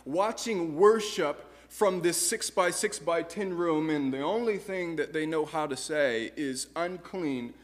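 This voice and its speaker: A man preaching with a slightly higher-pitched voice, posing earnest rhetorical questions to his listeners. His words ring out with a long reverb, as if he is in a large church sanctuary. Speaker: pastor. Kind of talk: sermon.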